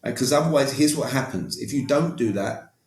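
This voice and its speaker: A man's voice: medium pitch, animated, a little fast. Emphatic British man, roomy sound. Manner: emphatic, direct, tags points with "all right?". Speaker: guest, communication coach. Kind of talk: casual interview talk. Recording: roomy echo.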